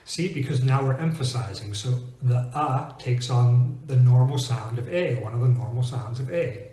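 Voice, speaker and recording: A man teaching English pronunciation in a clear, deliberate way, slowing down to stress example words. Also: medium pitch, mellow, echoey room. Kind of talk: scripted teaching monologue.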